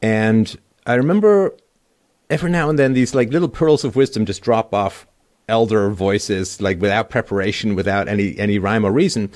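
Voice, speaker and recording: A man with a low voice tells long, rambling stories in a relaxed panel chat. He grew up in London and drifts from one anecdote to the next with lively asides. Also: moderate pace. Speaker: podcast guest. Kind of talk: casual panel discussion.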